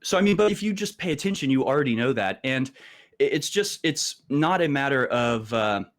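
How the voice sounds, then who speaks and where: A man speaking as a guest on a talk show. His voice has a medium pitch, and he talks haltingly, with lots of fillers and restarts. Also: lively intonation. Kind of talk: casual political talk.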